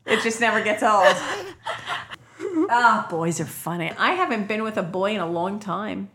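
A woman's voice: medium pitch, background noise. Blunt woman in her forties, roomy room. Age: 40s. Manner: blunt, self-mocking, quick bursts of laughter. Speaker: podcast co-host. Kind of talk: casual chat.

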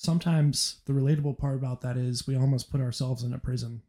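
A man hosting a podcast, chatting casually about movies and retelling scenes with animated laughter. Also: mid-range voice, quick pace. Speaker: podcast host.

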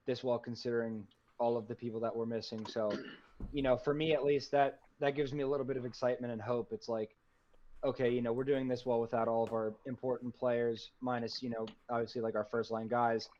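A man's voice: medium pitch, level tone, a little fast, a little mellow, slight background noise. A man co-hosting a podcast in casual sports chat, rambling with many fillers like "you know". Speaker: podcast co-host. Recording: dull lo-fi recording.

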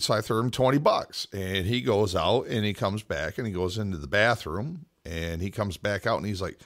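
Profane, animated man telling a story. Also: lowish voice, moderate pace, few pauses. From US Northwest. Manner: profane, animated storyteller who acts out quotes. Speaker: podcast co-host. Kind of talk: casual storytelling chat.

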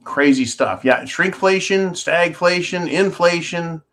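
A man's voice: high voice, slow pace, a bit bright. Sarcastic rambling male commentary host. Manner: sarcastic, rambling, swears freely. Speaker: host of a call-in style commentary show. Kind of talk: casual ranting commentary. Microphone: holds objects up to a camera while talking.

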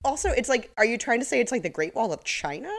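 A woman's voice: on the high side, very animated, fast. A woman co-hosting a podcast, chatting casually about a TV episode with dry, sarcastic humor and frequent laughter. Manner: dry, sarcastic, laughs at her own jokes. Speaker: podcast co-host. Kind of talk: casual chat recapping a TV episode.

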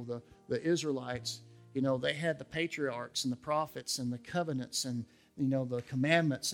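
A middle-aged pastor preaching an earnest, emphatic sermon in a church, asking his listeners questions. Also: on the high side. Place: church sanctuary.

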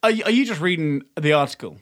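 A man's voice: a little high, expressive, fast talker, a bit bright. An Irish man co-hosting a crude podcast, exasperated and teasing. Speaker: podcast co-host. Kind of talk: crude casual chat.

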